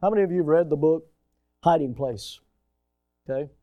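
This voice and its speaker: A man preaching a sermon, telling a story with dramatic swings from loud emphasis to hushed quiet, calling his listeners folks. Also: fairly high pitch, normal speed, highs cut off. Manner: folksy, addresses audience as folks.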